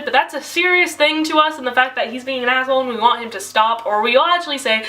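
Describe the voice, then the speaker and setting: High bright teenage girl venting. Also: quick pace, few pauses, low-quality recording. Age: teens. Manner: rambling, exasperated, lots of "like". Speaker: video diary vlogger. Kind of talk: casual venting vlog.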